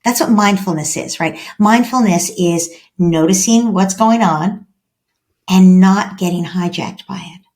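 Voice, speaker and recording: Female expert guest, lowish voice, steady and explanatory, interview setting. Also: a little slow. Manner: calm, explanatory, acts out quoted dialogue. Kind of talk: podcast interview.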